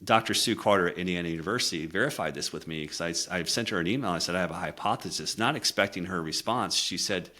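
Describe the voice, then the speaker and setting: A low-voiced, middle-aged communication coach rattles through a frank personal story fast, with few pauses. Still earnest and reflective, he drops quiet for the emotional beats.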